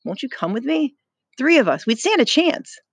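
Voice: high voice, very animated, moderate pace, fairly bright tone, slightly rough, dry recording, pitched above the performer's own voice, heavily acted. A reader doing Ralph, a hunted pleading boy. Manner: anxious, pleading questions.

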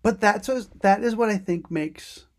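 A woman co-hosting a podcast, joking around in relaxed, slangy casual chat. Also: mid-range voice, normal speed. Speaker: podcast co-host.

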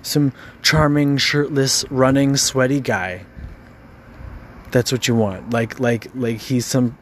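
A man of middle pitch pours out an angry, frustrated rant. He swears often and stumbles over repeated words as he pushes on. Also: steady tone, takes it slowly, a little hiss or hum. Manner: frustrated, profane, stammering repeats.

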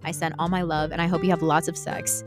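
A young woman hosting her own podcast, ranting candidly and swearing freely, with sudden animated, mocking outbursts. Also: low-pitched, fast talker, music in the background. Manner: candid and heavily profane, ranting. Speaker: podcast host. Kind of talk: solo podcast rant.

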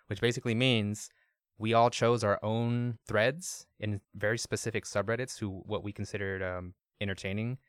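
Here a man co-hosts a podcast in relaxed conversation, laughing often. His pitch is on the low side with fairly even intonation, and he talks at a normal speed. The studio sound is clean with no room sound.

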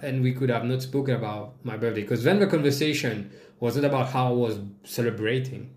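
Man ranting on his podcast, echoey room. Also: quick pace. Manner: swearing, animated storytelling with sudden jumps in pitch. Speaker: podcast host. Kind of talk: casual podcast monologue.

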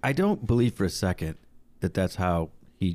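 A man's voice: low voice, big pitch swings, normal speed, noisy background. A man co-hosting a casual podcast, joking crudely and swearing as he chats. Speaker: podcast co-host. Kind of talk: casual chat.

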